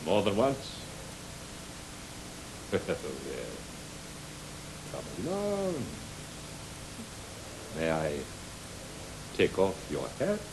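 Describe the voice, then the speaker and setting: An actor playing a stiff, self-conscious actor who rehearses an old gentleman's lines in a 1980 television stage drama. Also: sits low, huge pitch swings, drawn-out words, pauses often, full character voice. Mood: stilted. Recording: hissy old tape recording.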